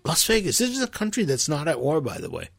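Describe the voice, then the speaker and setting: A man preaching a sermon in an impassioned way, rising to sharp emphasis and reading passages aloud. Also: on the high side, huge pitch swings, fast talker, gravelly, breathy edge, no room sound.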